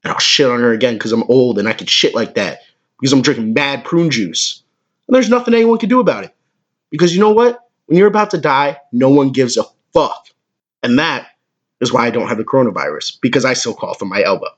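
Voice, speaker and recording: Husky, animated young man ranting. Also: medium pitch, brisk, highs cut off. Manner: crude, swearing, excitable. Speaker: podcast host. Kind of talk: comedic podcast rant.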